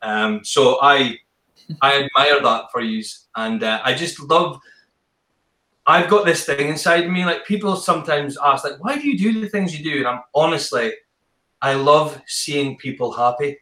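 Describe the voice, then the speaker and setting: A man's voice: medium pitch, steady tone, a little slow, sharp tone. Effusive man host in echoey room. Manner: effusive, enthusiastic, restarts often. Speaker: podcast host. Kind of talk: casual interview chat.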